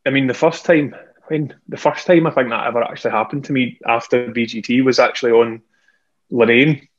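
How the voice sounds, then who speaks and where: A man's voice: medium pitch, steady tone, a little fast. Chatty Scottish man on a dull call line. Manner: chatty, self-deprecating, laughs often. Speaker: singer and guest. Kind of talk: casual chat over a remote call. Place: at home indoors. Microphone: earphone headset on a video call.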